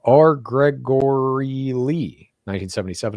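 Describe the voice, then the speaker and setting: A blunt man co-hosting a podcast, chatting casually and reading out listener comments, swearing freely as he goes. His voice sits at a middle pitch and sounds dry and close, with no room around it. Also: expressive, moderate pace, darkish tone, no room sound. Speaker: podcast co-host.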